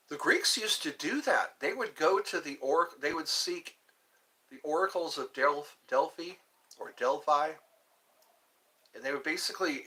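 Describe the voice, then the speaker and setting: Slow, bright-voiced man musing on a live stream. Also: a little high. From United States. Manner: slow, meandering musings that answer viewer chat. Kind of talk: rambling solo live stream chat.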